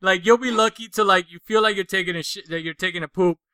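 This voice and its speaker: A man's voice: sits high, quick pace, sharp tone, clear, resonant tone, dry recording. A man, co-hosting a podcast in casual, crude, joking chat, swearing often. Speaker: podcast co-host.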